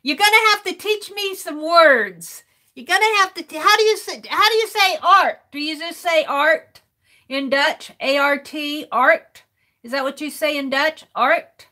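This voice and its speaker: A woman's voice: high voice, unhurried, pushed and bright. A middle-aged woman artist chatting on a live stream, laughing often and sounding out words letter by letter as she reads the chat. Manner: laughs often while working. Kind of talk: casual livestream chat.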